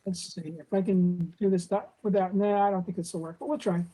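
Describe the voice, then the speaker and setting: A man presenting at a robotics club meetup, talking casually and hesitantly, often pausing to search for words. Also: high voice, fairly even intonation, dark tone, rough recording. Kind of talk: casual live demo talk.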